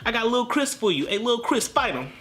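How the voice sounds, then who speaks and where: A cocky teen boy eggs on a fight in a brash, offhand tone, as a man puts him on. The voice stays high and bright, with a lively swing. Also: fairly quick, exaggerated voice. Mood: egging on.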